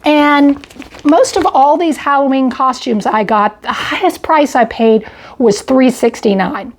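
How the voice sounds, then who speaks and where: A high-pitched older woman speaks at a measured pace, itemizing her grocery haul for her homestead vlog. She's chatty, a bit out of breath, and keeps saying "I got" and "went ahead."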